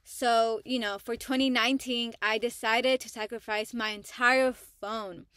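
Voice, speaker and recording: A woman speaks to her viewers about her faith in a candid, slangy way, pausing and restarting as she goes. Her voice sits a little high and sounds sharp and bright. The sound is dry, with no room echo. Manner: casual, heartfelt, slangy, with pauses and restarts. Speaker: faith vlogger. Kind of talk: candid personal testimony to camera.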